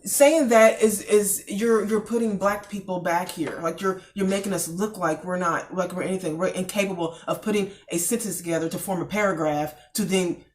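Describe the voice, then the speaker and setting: A woman's voice: medium pitch, normal speed, hardly any pauses, distant mic. Woman co-host, casual chat, emphatic storyteller, voice sits back from the mic.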